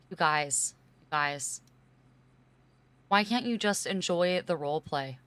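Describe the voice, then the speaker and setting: A woman's voice: fairly low pitch, takes it slowly, pauses often, fairly bright tone, clear, resonant tone, no echo. A young woman from California, a streamer chatting casually with her viewers, rambling with lots of "like" and getting emphatic when she argues a point. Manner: rambling, heavy use of "like", emphatic when arguing.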